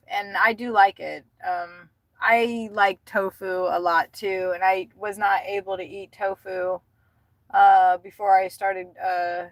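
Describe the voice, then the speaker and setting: A woman's voice: mid-range voice, no echo, rough recording. A woman, chatting casually and giggling as she drives and livestreams her food deliveries. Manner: chatty, giggly, reads chat aloud. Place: inside a car while driving. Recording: loud road noise from driving.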